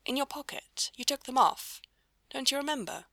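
A fussy, kindly male angel in a storybook reading, voiced by a woman reading aloud. He sounds prim and fretting, a little exasperated. His voice has a gravelly edge and a bright, close tone. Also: sits high, lively intonation, moderate pace, dry recording, voice pushed up, heavily acted. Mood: fussing.

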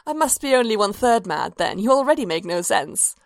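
A woman's voice: mid-range voice, big pitch swings, brisk, no room sound. A woman reading as a wry, shrewd elf woman. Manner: dry, wry.

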